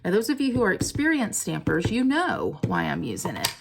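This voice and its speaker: A woman, chatting excitedly as she demonstrates stamping a card. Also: mid-range voice, brisk, gravelly, slight background noise. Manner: chatty and excitable, cooing over her work. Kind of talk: casual craft tutorial.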